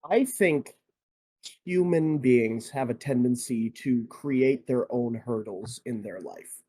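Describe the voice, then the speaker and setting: Man, mid-pitched, husky, thoughtful podcast chat. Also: warm tone. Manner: thoughtful, measured musing. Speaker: podcast co-host. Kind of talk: casual chat.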